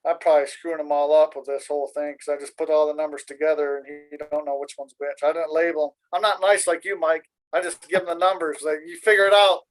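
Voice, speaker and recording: A man's voice: a little high, level tone, fast, few pauses, low-quality recording. A man from Michigan chatting casually on a video call, rambling and joking in an easygoing way. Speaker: meeting participant. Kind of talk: casual chat.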